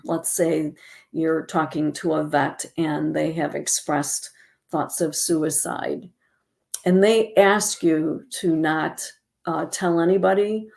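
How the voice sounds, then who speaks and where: A woman presenting a calm educational talk on caregiving, modeling gentle phrases to use with loved ones. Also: low-pitched, gravelly.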